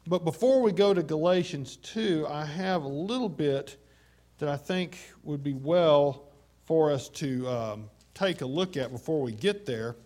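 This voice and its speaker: A man preaching a sermon, slowing down to stress quoted scripture, with frequent "uh" fillers. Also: fairly high pitch, a little mellow. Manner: measured and emphatic, slowing down on scripture; many fillers.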